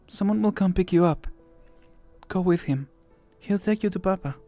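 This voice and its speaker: A man voicing a tender, dying mother who pleads softly with her daughter in a game story reading. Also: high-pitched, moderate pace, soft background music, pitched above the performer's own voice.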